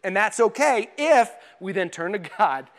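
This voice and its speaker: A man preaching a conversational sermon to his church, acting out panicked and calm inner voices with a self-deprecating touch. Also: high-pitched, a little slow. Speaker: pastor.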